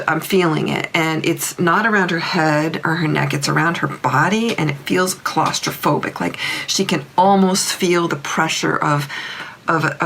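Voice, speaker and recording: Casting: a woman with a low, gravelly voice, rambling and earnest, recounting a session. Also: a bit bright, a little hiss or hum. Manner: rambling, earnest, often restarts sentences. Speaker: animal communicator.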